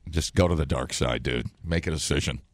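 A man's voice: rumbling low, noisy background. A man co-hosting a morning radio show, rambling and joking in casual banter. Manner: rambling, halting, jokey. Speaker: radio co-host.

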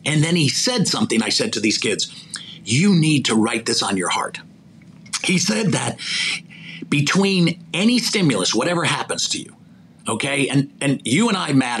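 A man's voice: medium pitch, fairly bright tone, slight background noise. An older man who is a podcast interview guest, telling stories animatedly, acting out quoted dialogue and chuckling mid-sentence. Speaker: interview guest, executive recruiter. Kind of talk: storytelling in a podcast conversation.

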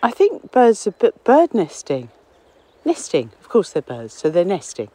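A woman's voice: medium pitch, huge pitch swings, a little slow, dark tone, poor audio. A woman, a local author, chatting rambly and self-deprecating while walking outdoors among trees on a windy common, slightly out of breath. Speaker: local author and podcast contributor. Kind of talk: casual spoken diary on a walk. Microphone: phone or portable recorder, no headphones.

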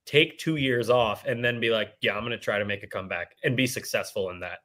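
A man's voice: on the low side, quick pace, bright, forceful tone. A man co-hosting a casual sports podcast, joking and self-mocking as he gives his stats notes. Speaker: podcast co-host.

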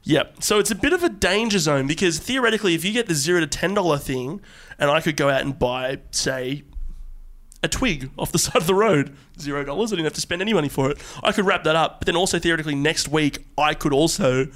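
A man co-hosting a comedy podcast with a slightly high voice. He talks in a loose, jokey way and breaks into loud laughs and shouts easily. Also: quick pace. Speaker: podcast co-host. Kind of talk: casual comedy podcast chat.

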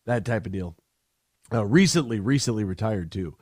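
Animated sports radio host, dry sound. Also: male voice, lowish voice, a little fast, no room sound. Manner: animated, rambling, mocks players with put-on quotes. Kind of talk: casual sports talk.

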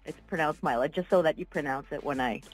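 A woman's voice: low voice, quick pace, faint music behind, rough recording. A woman calling in to a radio show, friendly and cheerful. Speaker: radio caller. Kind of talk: casual call-in chat.

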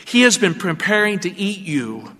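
A man's voice: high-pitched, big pitch swings, normal speed, bright, forceful tone, long reverb tail, heavily acted. A man doing a grave, emphatic vet. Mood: warning. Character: earnest male veterinarian giving a grave warning.

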